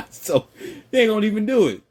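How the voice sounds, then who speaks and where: A man talking casually and with strong opinions, mocking people with quick impressions and jumping up in pitch. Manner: animated, mocking impressions, jumps high in pitch. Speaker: host.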